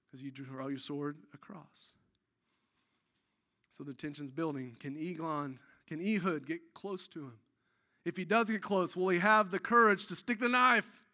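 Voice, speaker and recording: A man preaching a sermon, telling a scripture story in an animated, excitable way with casual asides. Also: high voice.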